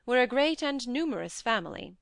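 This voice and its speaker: A woman voicing a scheming, vengeful nobleman who speaks with calm, mocking courtesy in an audiobook reading. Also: a little high, a little fast, vocal fry, no room sound, studio quality, pitched above the performer's own voice.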